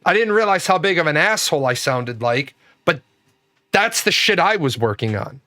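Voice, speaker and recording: A man's voice: a little high, big pitch swings, normal speed, bright, forceful tone. A man giving a blunt, profane, rambling comedic monologue from his office. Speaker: comedic commentator.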